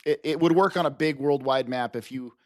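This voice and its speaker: A podcast co-host chats casually and enthusiastically, rambling and restarting his sentences. His mid-range voice is fairly quick and darkish, recorded dry with clean studio sound.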